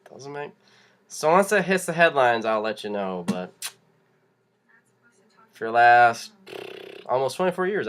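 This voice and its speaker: A man's voice: mid-range voice, fairly bright tone, a little hiss or hum. A young man, ranting casually and laughing as he talks, full of restarts and rising heat. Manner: fired-up, laughing, rambling rant with restarts. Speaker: vlogger. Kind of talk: casual rant to camera.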